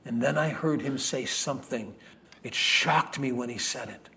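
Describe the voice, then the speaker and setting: A man's voice: medium pitch, normal speed, gravelly. A man playing a grieving ancient lamb merchant. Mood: wondering. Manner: swings from loud proclamation to hushed whispers. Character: grieving first-century lamb merchant, adult man, earnest. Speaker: actor in a Bible character monologue. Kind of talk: dramatic first-person monologue.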